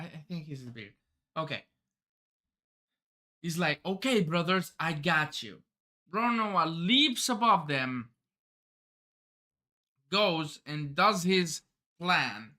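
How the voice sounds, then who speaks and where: A man's voice: a little high, big pitch swings, slow, pauses often, bright, forceful tone. A man hosting a live manga reaction, rambling and often stumbling and restarting his sentences. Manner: rambling, self-interrupting, stumbles over words.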